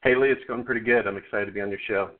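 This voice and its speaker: A man's voice: fairly low pitch, steady tone, rapid-fire. A man calling into a radio show, arguing his point earnestly with frequent restarts. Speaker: caller. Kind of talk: call-in phone conversation. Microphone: telephone. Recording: tinny phone line.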